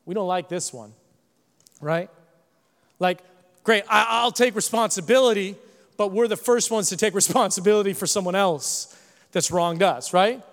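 A man preaching a sermon as pastor, animated, swinging between hushed tones and shouting, with joking asides to the congregation. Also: high-pitched, moderate pace, long pauses. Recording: long hall reverb.

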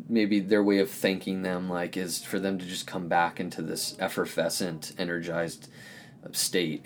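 A man with a somewhat low voice hosts a podcast and gives a reflective spiritual talk. He sounds earnest and gentle, searching for the right words as he goes. A faint background noise sits under his voice. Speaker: podcast host. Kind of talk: reflective spiritual teaching monologue.

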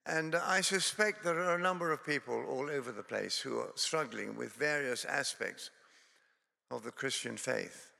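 Gravelly Scottish preacher in a church. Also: male voice, medium pitch, normal speed, bright, forceful tone, big-room sound. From Scotland. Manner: conversational, self-deprecating, digressive. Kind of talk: sermon with humorous storytelling.

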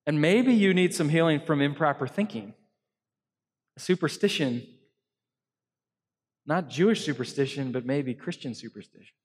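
A man preaching an earnest sermon as pastor to a congregation, swinging between loud emphasis and soft hushed lines. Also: a little high, lively intonation, normal speed, pauses often, big-room sound. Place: church hall.

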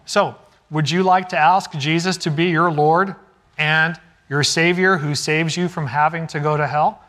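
Brief: middle-aged male preacher, slightly higher voice, storytelling sermon delivery with acted-out quotes. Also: steady tone, a little slow, fairly bright tone. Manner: storytelling, acts out quoted dialogue. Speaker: pastor.

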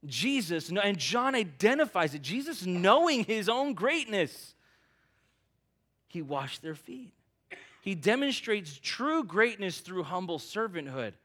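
Man preaching a sermon, earnest and chatty, kinda high voice. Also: very animated, takes it slowly, bright, forceful tone. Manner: earnest, emphatic, conversational preaching. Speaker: pastor.

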